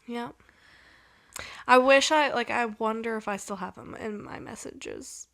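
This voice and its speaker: A woman's voice: a little high, unhurried, vocal fry, a bit bright. A young woman hosting a podcast, telling a story in a chatty way with lots of "like" fillers and reading out old text messages. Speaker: podcast host. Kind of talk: casual storytelling.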